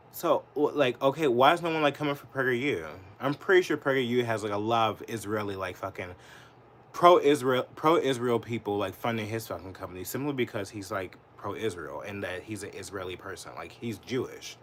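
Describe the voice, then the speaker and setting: A political livestreamer delivers live commentary in a lowish, fairly bright voice, talking a little fast. He rambles, swears, leans heavily on "like," and grows heated and indignant.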